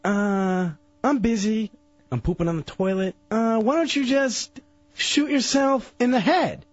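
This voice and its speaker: A radio cohost doing a mocking impression of the show's host, curt and dismissive, barking short put-downs. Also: male voice, high-pitched, unhurried, dry recording, dull audio, faint music behind.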